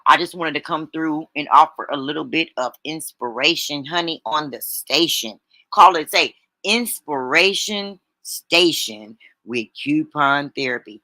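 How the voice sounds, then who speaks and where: A woman hosts a casual motivational live stream in a bright, forward voice. Her talk is chatty and folksy, and she often turns back to her listeners to check in. The sound is dry and close, with no room echo. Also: low-pitched. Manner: chatty, folksy, keeps checking in with "right?" and "y'all". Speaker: livestream host. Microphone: streaming setup microphone.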